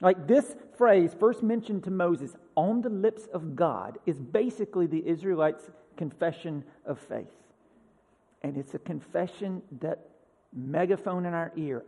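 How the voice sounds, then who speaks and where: An earnest man preaches a sermon as pastor, leaning hard on key phrases. He swings between loud emphasis and a hushed, almost whispered delivery. His voice sits high and carries a long, reverberant hall tail. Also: lively intonation, measured pace.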